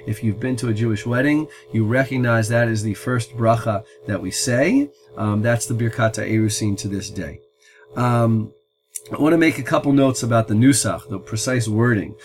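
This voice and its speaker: A middle-aged man teaching about the wording of a text, explaining step by step with thoughtful pauses. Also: mid-range voice, noisy background. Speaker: Talmud teacher and podcast host.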